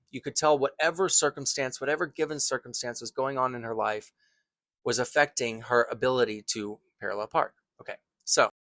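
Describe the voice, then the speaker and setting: A man who teaches acting tells a personal story in an earnest, thoughtful way, pausing and restarting phrases as he goes. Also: medium pitch, pushed and bright, no echo.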